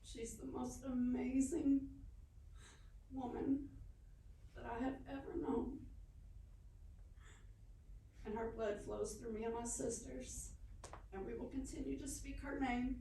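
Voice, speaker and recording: A daughter giving a eulogy at her mother's funeral, reading a poem in a halting, tearful way. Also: high-pitched, steady tone, vocal fry, mellow, slight background noise. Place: funeral gathering, echoey room. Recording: echoey room, mic far off.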